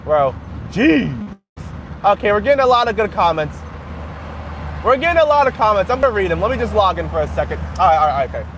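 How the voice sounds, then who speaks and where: A man chats on a live stream from inside his car. His voice sits high and swings freely up and down as he rambles and laughs, with a faint hum of road noise underneath. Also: big pitch swings, brisk, a bit bright. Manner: rambling, chatty, laughs often. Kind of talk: casual live stream chat. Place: in a car while driving.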